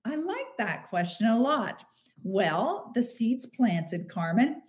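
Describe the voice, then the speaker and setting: A middle-aged woman hosting a motivational live stream, answering listener questions warmly and slowing down to stress key phrases. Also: a little high, big pitch swings. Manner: warm, emphatic, slows down on key phrases.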